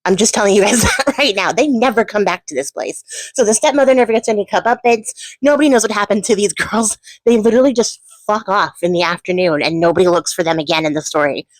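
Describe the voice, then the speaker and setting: A woman's voice: medium pitch, fast talker, dry recording, poor audio. A woman retelling a fairy tale in a chatty, casual way, laughing often and swearing. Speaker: storyteller and channel host.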